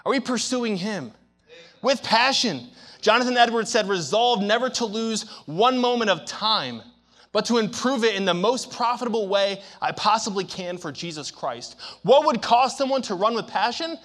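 A young man preaching a sermon, telling a story with big swings from hushed to shouting. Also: very high-pitched, lively intonation, moderate pace.

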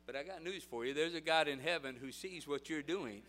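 A man preaching a sermon in an animated storytelling way, repeating rhetorical phrases in a preaching cadence. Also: a little high, fairly quick. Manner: animated storytelling, acting out voices and shouting.

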